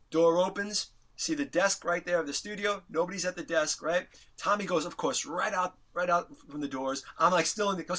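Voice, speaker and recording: As an interview guest, a middle-aged man from New York spins an animated story, swearing casually and voicing the quotes with big leaps in pitch. His pace is moderate and his tone bright and forceful.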